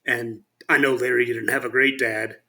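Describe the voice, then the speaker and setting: Male co-host, mid-pitched, very bright tone, earnest casual talk. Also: little pitch movement, normal speed. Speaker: podcast co-host. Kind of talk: casual conversational chat.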